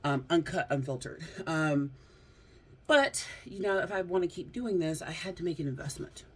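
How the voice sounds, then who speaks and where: A woman's voice: low-pitched, moderate pace, husky. An American woman vlogging casually from home into her phone, rambling with lots of fillers and frequent laughs. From United States. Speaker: YouTuber. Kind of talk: casual vlog chat. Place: at home, seated close to camera. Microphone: phone front camera.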